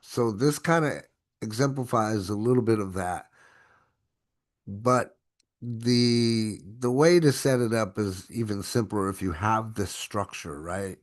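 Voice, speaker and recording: A man hosting an online training session, coaching in an energetic, exclamatory way. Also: lowish voice, slow pace. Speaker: host.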